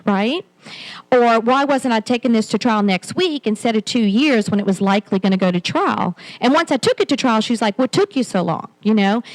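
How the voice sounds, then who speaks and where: Woman speaker, forties, slightly high voice, candid conference keynote with frequent restarts. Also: rough recording. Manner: candid, self-deprecating, many restarts. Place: conference hall.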